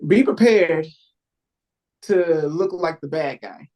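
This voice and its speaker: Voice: mid-range voice, slow pace, a little mellow, low-quality recording. Direct, plain-spoken podcast host. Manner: direct and informal, with casual dropped grammar and frequent "right?". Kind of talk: casual conversational podcast talk.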